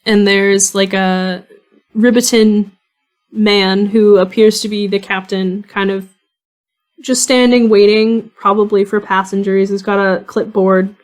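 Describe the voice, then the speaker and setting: A woman's voice: mid-range voice, level tone, measured pace. A woman narrating a tabletop game as game master, casual and giggly, with many fillers.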